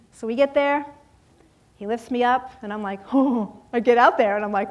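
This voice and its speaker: A woman in her fifties telling a lively personal story in a sermon, acting out voices and laughing often. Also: fairly high pitch, moderate pace. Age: 50s. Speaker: guest speaker at a church service.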